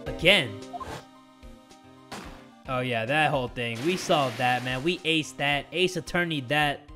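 A man's voice: mid-range voice, normal speed, music in the background. A man hosting a game playthrough, chatting casually and joking, and losing his voice. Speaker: gaming video host. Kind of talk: let's play commentary.

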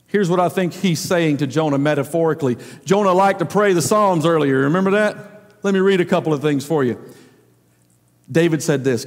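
A man preaching a sermon as pastor, swinging between loud emphatic lines and low quiet ones. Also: a little fast, big-room sound.

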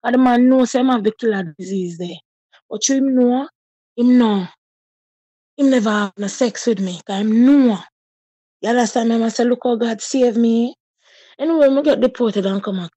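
A woman in her thirties with a Jamaican accent speaks in a husky, mellow voice. She tells a personal story with deep feeling, slipping into patois. The sound is dry and close. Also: normal speed, no echo. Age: 30s. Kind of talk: personal testimony.

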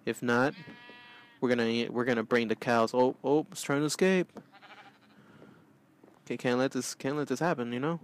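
A man hosting a let's play with goofy, excitable commentary, often yelling out. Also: mid-range voice, moderate pace, pauses often. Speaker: gaming channel host.

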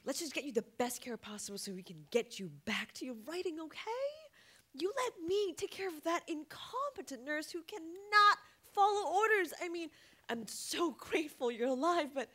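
A woman's voice: bright, forceful tone, exaggerated voice. A woman acting as a scheming wife who poisoned her husband, sugary and falsely sweet, in a live stage musical. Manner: sugary and falsely sweet, turns shrill when cornered.

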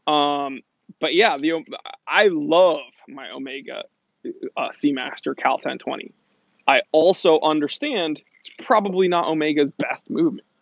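Here a man who runs a watch shop chats loosely on a live stream, his fairly high, gravelly voice moving at normal speed. He wanders through viewer questions, restarting and filling gaps as he replies. The dry recording has a dull, lo-fi streaming quality.

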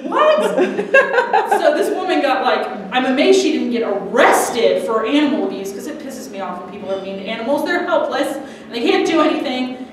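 A woman's voice: fairly high pitch, lively intonation, fairly quick, few pauses. A young woman doing a stand-up comedy set in a small restaurant, chatty and giggly, swearing freely. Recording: echoey room, mic from far off, crowd noise. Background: audience reacting.

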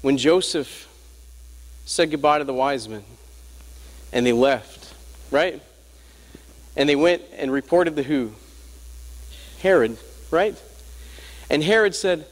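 A man with a notably high voice preaches a sermon, leaning on rhetorical questions and call-and-response with his listeners. His voice rings out with a long reverb tail, as in a large church sanctuary. The delivery is emphatic and story-driven. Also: animated, slow, long pauses.

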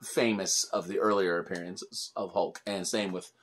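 A man with an exceptionally low, deep voice hosts a relaxed toy review chat. He explains details patiently and breaks into easy chuckles as he goes. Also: moderate pace. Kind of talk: casual chat.

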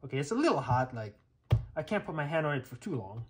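Guy doing a chatty tech test at his table, lots of um and alright, thinking out loud. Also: on the high side, very animated, fast, slight background noise. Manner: chatty, thinks aloud, lots of fillers and checks. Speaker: tech reviewer. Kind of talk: casual hands-on demo commentary.

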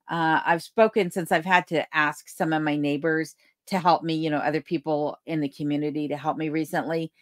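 A woman's voice: deep voice, no room sound, studio quality. A woman hosting a casual livestream from her home in remote Alaska, reading out viewer comments, thanking people by name and laughing easily. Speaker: livestream host. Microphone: desk microphone.

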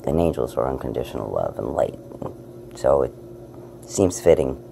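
A woman's voice: a bass voice, lively intonation, moderate pace, vocal fry, noisy background. A woman filming a casual night-time vlog at home on a handheld camera, chatty and spiritual, sometimes slipping into baby talk with her cat. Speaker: paranormal video blogger.

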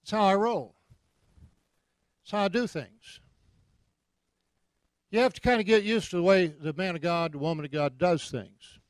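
A man preaching, telling anecdotes with lively delivery and repeated punchlines. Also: high-pitched, moderate pace, long pauses, no room sound. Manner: animated storyteller, repeats punchlines. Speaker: guest preacher. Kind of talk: anecdotal sermon. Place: church.

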